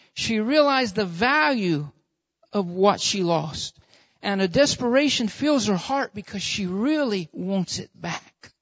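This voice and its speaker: A man's voice: high voice, a bit bright, no room sound. Man preaching a sermon, lo-fi. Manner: repetitive preaching with rhetorical questions. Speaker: pastor. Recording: dull lo-fi dry recording.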